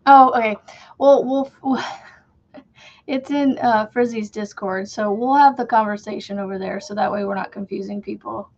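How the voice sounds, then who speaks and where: A woman's voice: mid-range voice, measured pace, a little mellow, lo-fi sound. A woman in her thirties hosting a casual crochet livestream from home, chatting in a rambling way and laughing often as she works. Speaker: crochet channel host.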